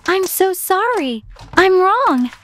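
A woman's voice: very high voice, very animated, takes it slowly, a bit bright, a little hiss or hum, heavily acted. A woman voicing a gushing, fake-innocent young woman in a storytime animation, dramatic in every line. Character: gushing young woman, attention-seeking pick-me girl.

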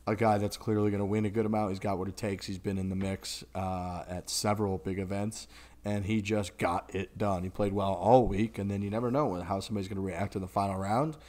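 A man co-hosting a golf podcast, talking in a rambling, profane, animated way about the tour. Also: on the low side, a little fast. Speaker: podcast co-host. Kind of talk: casual golf podcast chat.

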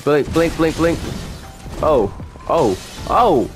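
A man talks over his gameplay with a high, lively voice that jumps around as he reacts. He trash-talks the boss, swears, and shouts at the screen, with faint game music under him. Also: slow pace, gravelly. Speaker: gamer and channel host. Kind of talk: live gameplay commentary.

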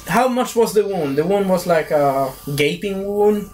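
A young man giving a casual, animated movie review rant who keeps slipping into silly high voices for the characters. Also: measured pace, few pauses, a little hiss or hum.

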